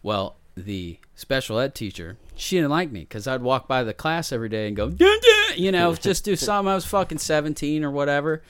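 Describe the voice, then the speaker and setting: A man telling a crude story in casual chat, profane and animated, acting out the voices he quotes. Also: on the high side, fairly quick, hardly any pauses, smooth, no echo.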